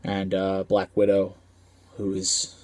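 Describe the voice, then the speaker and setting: A man's voice: low-pitched, completely flat delivery, slow, darkish tone, no room sound. A man giving a casual, rambling movie review, full of slang and filler ums.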